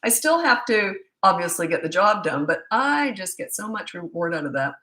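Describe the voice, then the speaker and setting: Middle-aged woman, fairly low voice, rambling chatty parenting coach, live Q&A, roomy echo. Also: very animated, moderate pace, pushed and bright. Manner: chatty, rambling storyteller with frequent asides. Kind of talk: casual live Q&A.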